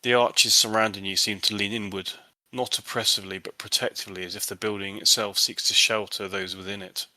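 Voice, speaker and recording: Bright-voiced male game master narrating. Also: lowish voice, flat delivery, no echo. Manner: descriptive, unhurried narration with small slips.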